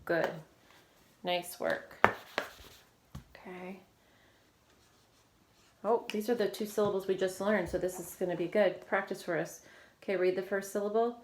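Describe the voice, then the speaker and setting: Slow, encouraging woman teacher drilling phonics. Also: medium pitch, steady tone. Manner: slow, encouraging, drilling sounds with frequent praise. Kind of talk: phonics lesson for children. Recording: echoey room with faint noise.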